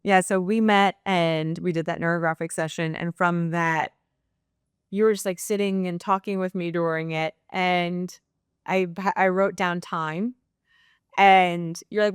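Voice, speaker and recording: A woman's voice: on the low side, fairly even intonation, a little slow, clear, resonant tone, dry recording, clean studio sound. A young adult woman, a guest in a casual interview, talking openly and reflectively with many fillers. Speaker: guest, nurse practitioner.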